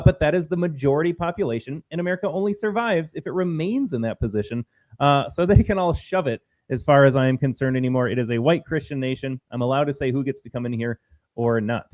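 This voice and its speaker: A male podcast co-host who talks quickly, bluntly and indignantly. His voice is a little high-pitched and recorded dry and close. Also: a little mellow, no echo. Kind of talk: heated political podcast talk.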